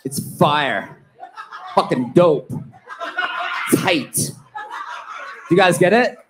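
A man at a live bar-venue interview, telling stories in a loose, profane, animated way with joking banter. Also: on the high side, extremely slow, background noise. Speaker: reality TV guest.

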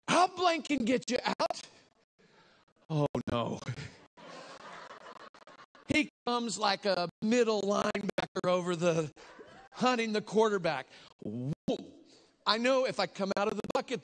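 A man preaching a sermon as a lively story, acting out the people in it with sudden shouts and stretched-out words. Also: sits high. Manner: animated, acts out voices with shouts and drawn-out words. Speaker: guest preacher.

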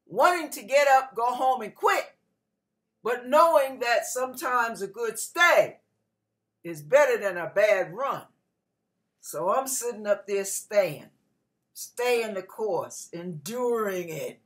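A middle-aged woman pastor preaching with a bright, lively edge to her voice. She sits a little high for a woman and tells her story in an animated way, acting out the voices of the people in it. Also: slow pace. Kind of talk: sermon with personal story.

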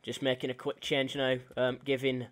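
A man's voice: mid-range voice, monotone, normal speed, a bit bright, a little hiss or hum. A young man giving casual, rambling commentary over his own gameplay as a channel host, with plenty of fillers and self-corrections.

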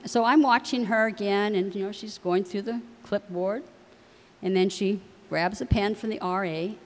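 A middle-aged woman, wife of a university president, telling family stories to parents with frequent laughs. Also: mid-range voice. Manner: warm anecdotal delivery with laughs. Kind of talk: storytelling speech to parents. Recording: long hall reverb.

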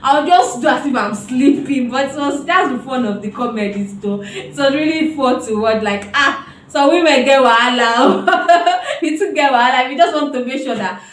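A woman's voice: sits high, normal speed, echoey room, slight background noise. A woman hosting a reaction video, chatting casually and exclaiming animatedly.

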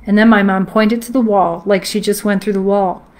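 A woman hosting a live stream, reading a ghost story aloud in a steady, measured storytelling way. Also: mid-range voice. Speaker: host.

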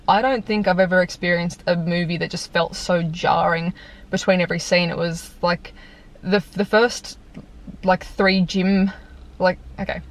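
A young woman casually talking through a film review in a chatty, animated way, full of "like" and "um". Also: on the low side, moderate pace. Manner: chatty, animated, lots of fillers. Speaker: YouTube vlogger reviewing a film. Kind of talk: casual chat. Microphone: compact camera mic.

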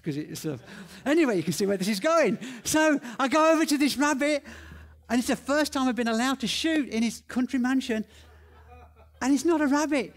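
Excitable man preaching. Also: extremely high pitch. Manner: animated, excitable, lots of restarts and repeats. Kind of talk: sermon storytelling.

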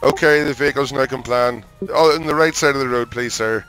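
A young man role-playing a police officer in a game, shouting profane orders at drivers, then calmly directing them. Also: mid-range voice, brisk, low-quality recording. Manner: barking profane commands, then calm and polite. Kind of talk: in-character game roleplay.

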